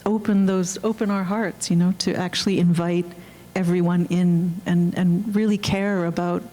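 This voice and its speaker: Woman director, earnest, halting, low flat voice, mellow tone. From Canada. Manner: earnest, halting, many restarts. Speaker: film director at a Q&A panel. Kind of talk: reflective panel talk. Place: auditorium.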